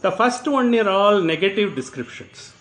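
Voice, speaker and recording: An older man from India, giving an unhurried spiritual discourse, often saying "you know" and chanting verses slowly. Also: high voice, big pitch swings, fairly bright tone, poor audio. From South India. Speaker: teacher of scripture.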